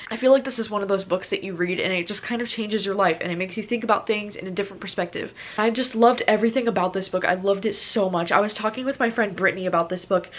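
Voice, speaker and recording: A young woman talking casually as a book vlogger, gushing and filling her sentences with "like" and "you know.". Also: medium pitch. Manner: gushing, filler-heavy with lots of "like". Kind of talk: casual vlog chat.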